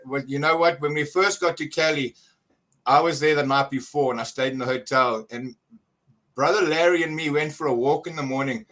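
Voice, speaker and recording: A middle-aged man, excitedly telling a story as a guest, halting and restarting often. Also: a little high, rough recording. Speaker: guest church member. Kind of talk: casual testimony.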